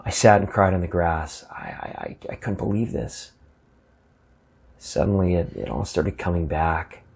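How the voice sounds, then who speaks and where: A man telling a first-person ghost story in a halting, earnest way, often repeating words as he gets emotional. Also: deep voice, very animated, creaky, a little mellow, breathy edge.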